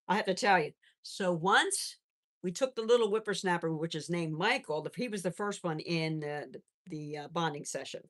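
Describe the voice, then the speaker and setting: A middle-aged woman chatting casually on a pet livestream, reading out viewer messages and cooing to her animals. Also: on the low side. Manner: chatty, warm baby-talk to pets, reads chat aloud. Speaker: livestream host. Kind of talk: casual live chat.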